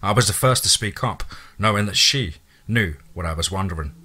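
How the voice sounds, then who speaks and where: A man narrating a first-person horror story in a casual, profane way, with a husky voice. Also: deep voice, a little fast, pushed and bright.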